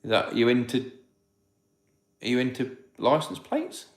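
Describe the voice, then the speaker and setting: A man's voice: medium pitch, very animated, a little slow, vocal fry, roomy sound. A man, a farmer answering viewer questions in casual livestream chat. He rambles with many restarts and rants when something irks him.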